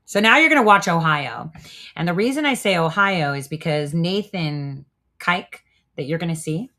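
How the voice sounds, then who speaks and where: A woman's voice: fairly low pitch, lively intonation, normal speed, sharp tone. A woman hosting a livestream show in a casual, chatty way, often trailing off while she works her screen. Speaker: show host.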